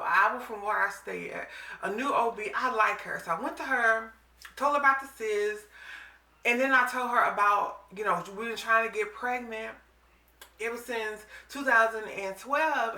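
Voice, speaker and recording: Animated woman in her forties, echoey room. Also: a little high, distant mic. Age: 40s. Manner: animated, dramatic retelling with quoted voices. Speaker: vlogger. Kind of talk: casual storytelling vlog.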